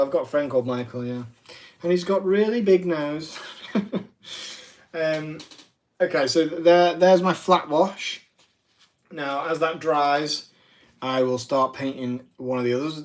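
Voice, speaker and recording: A man's voice: on the high side, a little mellow. A man, hosting a casual live craft demo, chatty and self-deprecating with rambling asides. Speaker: craft livestream host.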